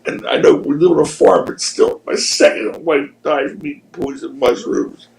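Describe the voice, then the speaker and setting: Podcast guest, man in his 60s, raspy storyteller, casual and profane, echoey room. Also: on the high side, moderate pace. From Philadelphia. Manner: animated anecdotes, swears freely. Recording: roomy echo.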